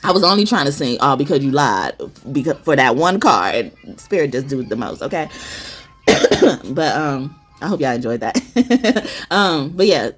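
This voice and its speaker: A woman's voice: rumbling low, sing-song, measured pace, slightly rough, faint music behind. A woman gives a spiritual tarot reading in a loose, chatty way. She is blunt and emphatic, swears without a second thought, and keeps tossing "okay?" at her listeners. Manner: loose and chatty with many fillers. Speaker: tarot reader. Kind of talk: casual spiritual reading chat.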